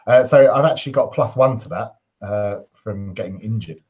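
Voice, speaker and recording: Low-voiced man on a muffled mic. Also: normal speed, darkish tone. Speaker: player. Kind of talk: casual tabletop game play.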